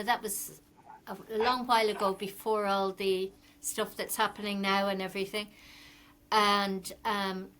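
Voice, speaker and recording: A middle-aged fashion designer from Ireland chats as a podcast guest in a casual interview. Her mid-range voice is a bit bright, and she tells rambling stories full of ums.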